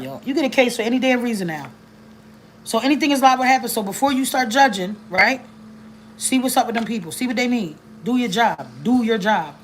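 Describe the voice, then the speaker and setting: A woman giving blunt, animated advice to caseworkers, telling stories and cussing freely in a casual livestream. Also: a little high, slight background noise, low-quality recording. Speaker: family advocate speaking to caseworkers.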